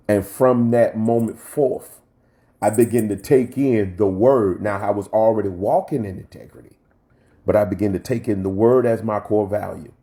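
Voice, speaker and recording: A pastor preaching a sermon, telling a personal story with many repeated phrases and climbing into fervent preaching. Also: male voice, fairly low pitch, fairly even intonation, moderate pace, mellow. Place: church.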